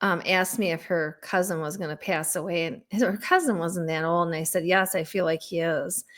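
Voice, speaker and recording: A woman's voice: fairly low pitch, steady tone, normal speed, a bit bright. Chatty woman psychic guest. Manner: chatty, storytelling, filler-heavy. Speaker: guest psychic and podcast host. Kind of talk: casual conversational chat.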